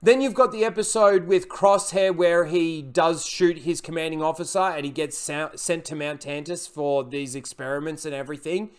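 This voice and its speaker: High, smooth-voiced man giving a rambling review. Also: steady tone, normal speed, hardly any pauses. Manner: rambling, filler-heavy, bluntly critical with swearing. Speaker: TV episode reviewer. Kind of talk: casual recap and review.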